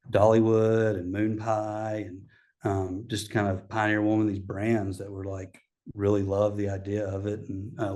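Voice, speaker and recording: A man's voice: fairly low pitch, darkish tone. A middle-aged man, a guest chatting casually in an interview, rambling with many fillers and restarts. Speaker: guest, coffee shop owner.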